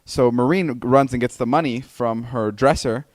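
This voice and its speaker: A young man in his twenties tells a story on his podcast, casual and profane. He has a middle-pitched voice and acts out quotes by pushing his voice up. The sound is dry and close, with no room echo. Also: normal speed. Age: 20s. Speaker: podcast co-host. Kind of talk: casual chat.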